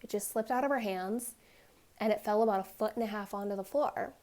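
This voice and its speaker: Young woman vlogger chatting while she crafts, animated storyteller. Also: mid-range voice, fairly quick. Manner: animated, acts out quoted voices. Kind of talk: casual storytelling chat.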